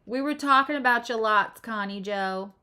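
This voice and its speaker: Bright-voiced chatty middle-aged woman host. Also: on the high side, moderate pace, a little hiss or hum. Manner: chatty, laughs often, reads out comments. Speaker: live-stream host and astrologer. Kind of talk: casual live-stream chat.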